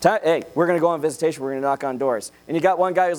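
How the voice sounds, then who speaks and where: A young man preaching a sermon in a jokey, animated way, checking in with "okay?" after each point. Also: on the high side, quick pace.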